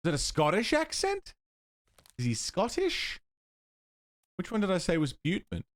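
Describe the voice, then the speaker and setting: A man's voice: high-pitched, huge pitch swings, normal speed. A man thinking aloud as he streams a puzzle game, muttering and counting under his breath. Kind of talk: casual gameplay commentary. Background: game music.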